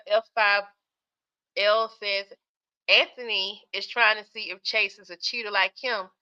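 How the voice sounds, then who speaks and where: A woman's voice: medium pitch, pushed and bright, lo-fi sound. A woman hosting a live stream, chatting casually with viewers about skits, sleepy and yawning as she talks. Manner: chatty, talks straight to the chat, laughs often.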